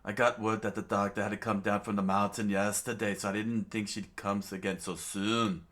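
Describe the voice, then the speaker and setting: A man voicing a remorseful, low-voiced guard. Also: flat delivery, normal speed, fairly bright tone, natural voice. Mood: apologetic. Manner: apologetic.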